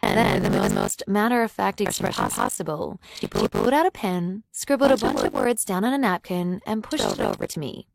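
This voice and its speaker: Young woman narrator, emotional confessional storytelling, very animated pitch, gravelly edge. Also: brisk. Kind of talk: first-person story narration.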